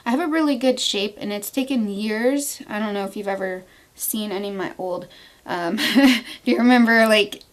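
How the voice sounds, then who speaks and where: A woman's voice: mid-range voice, normal speed. A woman in her thirties chatting casually through a makeup tutorial at home, playful and prone to inventing silly words as she works. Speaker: beauty vlogger. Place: at home, indoors.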